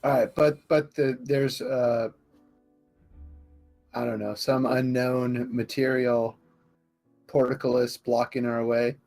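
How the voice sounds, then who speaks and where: A man's voice: medium pitch, flat delivery, slow pace, vocal fry, pauses often, a little mellow, faint music behind. A man playing in a tabletop game, talking hesitantly and often restarting his sentences. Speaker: player. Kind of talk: casual game chat.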